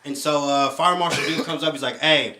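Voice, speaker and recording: A man's voice: fairly high pitch, a little fast. A man from Texas telling a story in casual chat with friends on a podcast. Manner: animated, laughing storyteller. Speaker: podcast guest.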